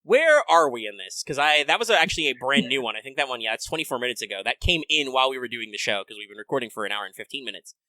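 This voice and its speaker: A man's voice: medium pitch, racing, hardly any pauses, no echo. A man co-hosting a casual gaming podcast, joking and ranting with plenty of profanity. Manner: animated, profane, joking rants. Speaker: podcast co-host.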